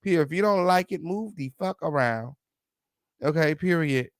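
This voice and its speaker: Brash, foul-mouthed gossip host, dry sound. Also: male voice, on the high side, animated, normal speed, no room sound. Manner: brash, sassy, swearing, repeats "okay" and "period". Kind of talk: profane celebrity gossip commentary.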